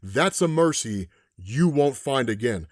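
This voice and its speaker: A man voicing a grim male gunslinger who is Death, with a slow, low, menacing delivery. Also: lively intonation, dry recording, studio quality, natural voice.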